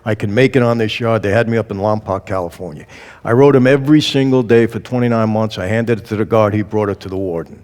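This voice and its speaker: A man guest giving his testimony in an interview, a lively storyteller who acts out the dialogue he quotes. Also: lowish voice, quick pace, in a large hall.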